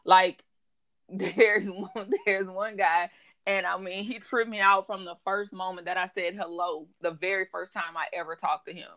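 A woman who works in mental health, telling animated stories in casual chat, laughing often and quoting people. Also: on the low side, normal speed, dull audio.

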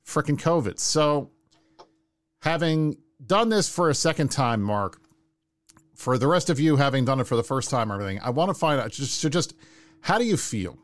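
A man hosting a casual talk show, relaxed and steering the conversation. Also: medium pitch, normal speed. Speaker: host. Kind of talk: casual chat.

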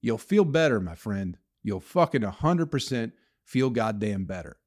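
A man's voice: fairly low pitch, big pitch swings, moderate pace, a little mellow. Profane ranting male podcast host. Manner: profane, ranting, full of restarts. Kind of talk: solo rambling podcast rant.

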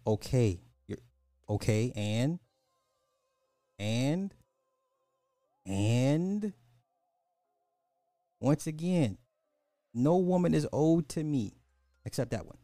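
A man's voice: mid-range voice, expressive, drawn-out words, long pauses, warm tone, dry recording, studio quality, faint music behind. A man hosting a commentary podcast, reacting to clips in an exasperated way and repeating phrases for emphasis.

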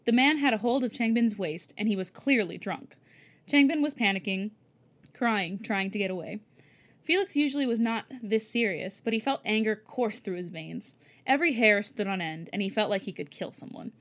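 A woman's voice: mid-range voice, expressive, normal speed. A woman co-hosting a podcast, reading a fan story aloud and often breaking into giggles. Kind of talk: casual reading with giggling asides.

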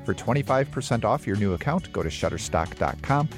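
Relaxed male film podcast co-host. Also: lowish voice, fairly quick, faint music behind. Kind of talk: casual film talk and ad reads.

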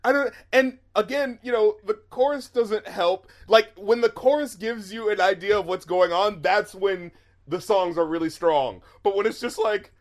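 High-voiced man laughing through casual talk. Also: normal speed. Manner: animated, laughs often, swears freely. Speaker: podcast co-host. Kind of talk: casual chat.

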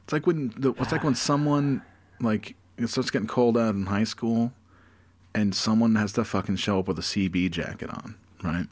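A man's voice: on the low side, moderate pace. Man, casual comedy co-host, rambles and swears, restarts his sentences. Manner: rambling, profane, many restarts.

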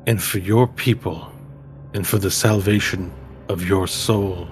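A man voicing an ancient elder tree spirit, speaking slowly and solemnly in prophecy. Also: deep voice, steady tone, faint music behind. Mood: ominous.

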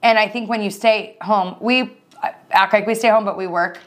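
A woman in her thirties co-hosting a podcast, chatting casually and teasing her friend, quick to laugh. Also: medium pitch, fairly even intonation. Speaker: podcast co-host. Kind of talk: casual chat.

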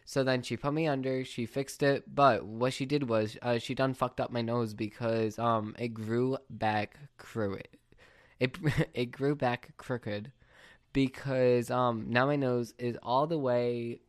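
Alone on his podcast, a late-teen male host rants in a casual, exasperated way. He has a smooth voice of medium pitch, sitting mid-range for a man, and the recording is dry without any room echo.

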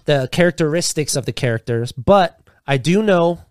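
A man's voice: fairly high pitch, animated, moderate pace, darkish tone, clear, resonant tone, no echo. A man co-hosting a casual comedy podcast, who talks playfully and swears casually. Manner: playful, swears casually, does goofy voices. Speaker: podcast co-host. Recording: dry close-miked sound.

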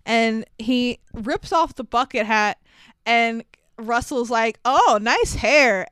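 A woman's voice: a little high, clear, resonant tone, no room sound. A woman in her thirties co-hosting a casual podcast, retelling a movie with frequent laughs and swearing. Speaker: podcast co-host. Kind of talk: casual movie recap chat.

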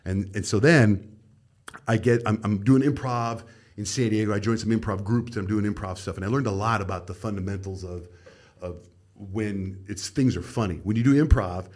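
A man's voice: lowish voice, normal speed, a little mellow. A middle-aged man, a radio host, telling stories of his career in a casual podcast chat and acting out the people he quotes.

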